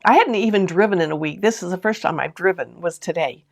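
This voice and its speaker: A woman's voice: lowish voice, fast, vocal fry. Chatty laughing woman hosting a live stream. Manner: laughs often while telling a story; talks straight to viewers with lots of asides and questions. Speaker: sewing channel host. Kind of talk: chatty live stream, reading viewer comments.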